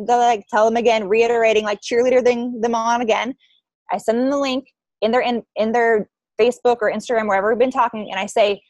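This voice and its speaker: A woman's voice: on the high side, steady tone, brisk, no echo. A young adult woman coaching her team on a call, telling a story in a chatty way and acting out the voices she quotes. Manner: chatty, acts out quoted voices, many likes and ums.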